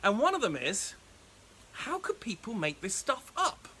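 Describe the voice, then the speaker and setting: A man preaching as a pastor, telling a Bible story in a playful, animated way with frequent laughs. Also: high-pitched, unhurried, slight background noise. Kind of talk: lively Bible storytelling sermon.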